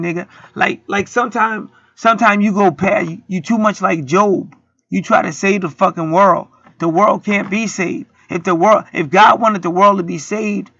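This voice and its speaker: Heated, profane preacher man with a gravelly edge. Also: high voice, sharp tone, no echo, highs cut off. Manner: profane, heated, rants and acts out quotes. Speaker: internet preacher. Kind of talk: street-style preaching monologue.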